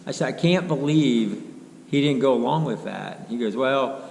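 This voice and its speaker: A man's voice: mid-range voice, animated, normal speed, creaky, a little mellow. Middle-aged man, folksy rambling storyteller, echoey garage sound with faint hum. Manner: rambling, folksy, quotes others in dialogue. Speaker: car restoration vlogger. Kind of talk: casual storytelling to camera. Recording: roomy echo, faint background hum.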